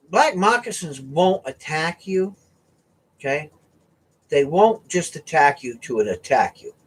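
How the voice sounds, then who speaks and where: East Coast man, fairly high, raspy voice, animated storyteller hosting a home vlog. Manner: animated, tags sentences with "right?" and "okay?". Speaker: vlogger host. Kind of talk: casual storytelling to viewers.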